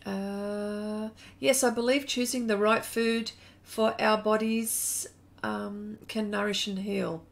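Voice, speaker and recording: Slow, chatty Australian woman. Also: medium pitch, fairly even intonation, gravelly. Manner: chatty and giggly, greets viewers by name. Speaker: art instructor on a live stream. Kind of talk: live-stream painting demo, reading chat aloud.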